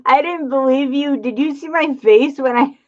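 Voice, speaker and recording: A woman's voice: high-pitched, normal speed, darkish tone. Sarcastic woman commentator, slightly muffled. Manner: sarcastic, incredulous. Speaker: commentary channel host. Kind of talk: mocking commentary.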